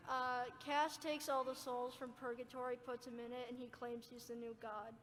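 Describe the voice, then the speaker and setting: Earnest fan in an echoey hall. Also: female voice, a little high, level tone, normal speed, fairly bright tone. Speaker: fan asking a question. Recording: echoey hall, faint noise.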